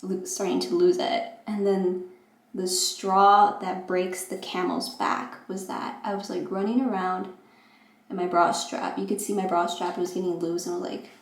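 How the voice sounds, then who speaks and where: A young woman telling a rambling, casual storytime vlog about her move-in day, acting out quotes with animated voices. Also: fairly low pitch, moderate pace. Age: young adult. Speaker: vlogger. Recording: echoey room.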